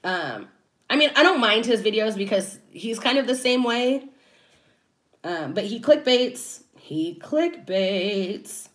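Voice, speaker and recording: An animated woman riffing in a laid-back commentary vlog, laughing often. She takes her time with every thought, and her voice swoops up and down as she talks. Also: on the high side, unhurried. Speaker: commentary YouTuber. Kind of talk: casual commentary.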